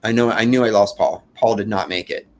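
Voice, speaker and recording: A man with a voice on the low side and a steady tone speaks emotionally about surviving a fire. His earnest first-person telling is halting and marked by many restarts.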